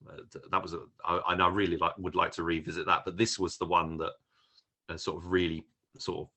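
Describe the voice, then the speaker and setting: A man's voice: low-pitched, flat delivery, fairly quick, pushed and bright. A man co-hosting a film podcast, chatting casually and rambling with many restarts. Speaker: podcast co-host. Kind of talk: casual film review chat.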